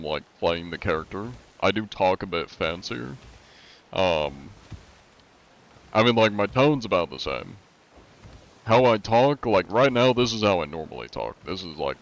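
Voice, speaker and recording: A man's voice: fairly low pitch, dull audio. Laid-back American man chatting with viewers. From USA. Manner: laid-back, rambling, many fillers like "like". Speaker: streamer. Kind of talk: casual chat with viewers while gaming.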